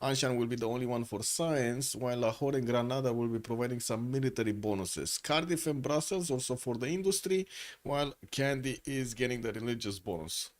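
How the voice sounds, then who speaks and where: A man's voice: medium pitch, a little fast. Chatty male game caster. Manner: chatty, asks chat questions, frequent filler words. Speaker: esports caster. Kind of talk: live game commentary.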